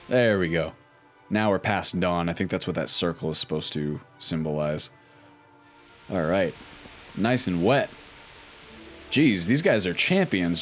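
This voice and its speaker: Low-voiced man doing relaxed game commentary. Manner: relaxed, thinking aloud with frequent ums. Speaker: gaming YouTuber. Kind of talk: let's play commentary.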